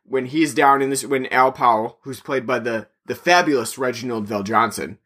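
A man's voice: medium pitch, normal speed, a bit bright. A man co-hosting a podcast, talking casually in a chatty, meandering way. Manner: chatty and meandering, plugs the show. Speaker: podcast co-host.

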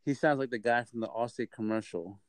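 A man hosting a casual podcast chat, rambling and halting, often repeating himself. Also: medium pitch, no room sound. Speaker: podcast host.

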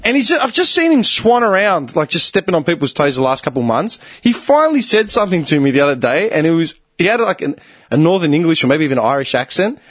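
Fast, animated young man. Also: a little high, no room sound. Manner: animated storyteller, swears freely. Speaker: podcast host. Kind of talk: casual chat.

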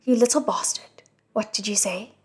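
A woman voicing a gruff, greedy old male scam cultivator in a storybook reading, quarrelsome and scornful. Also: on the high side, normal speed, a little mellow, close to an everyday voice.

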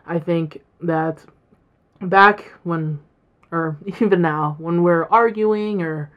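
A woman's voice: on the low side, takes it slowly, muffled recording. A young woman in college hosting her own podcast, talking in a rambling, reflective way with many fillers and restarts. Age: young adult. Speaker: podcast host. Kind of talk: casual solo podcast talk.

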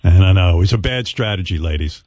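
A man's voice: low-pitched, fast talker, dry recording. Brief: older male host, crude blunt banter, dead-dry studio mic. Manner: blunt, crude, animated storytelling with quoted voices. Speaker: radio show host. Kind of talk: casual radio banter.

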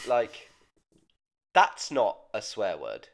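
A man co-hosting a casual comedic podcast, dry and low-key, firing off quick quiz questions. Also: huge pitch swings, gravelly. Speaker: podcast co-host.

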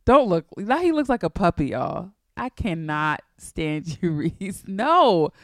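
A young woman co-hosting a podcast, chatting in an animated, exasperated way and laughing easily. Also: on the low side, slow pace, no room sound, clean studio sound. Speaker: podcast co-host. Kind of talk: casual chat.

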